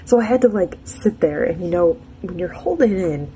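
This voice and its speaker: A woman's voice: fairly low pitch, lively intonation, normal speed, few pauses, mellow, a little hiss or hum, low-quality recording. Chatty young woman telling a frank anecdote. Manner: chatty, self-mocking, frank. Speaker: storyteller. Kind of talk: casual personal anecdote.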